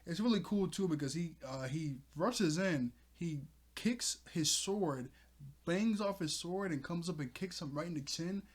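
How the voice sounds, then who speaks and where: A man's voice: a little high, lively intonation, measured pace, breathy edge. Chatty, chuckling man recapping a manga. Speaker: manga reviewer. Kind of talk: casual recap.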